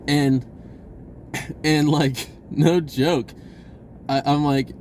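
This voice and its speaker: A man's voice: fairly high pitch, steady tone, very slow, darkish tone, slight background noise. A man telling a personal story in a casual, rambling way, laughing often and acting out the voices of people in it. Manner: acts out voices in his retelling.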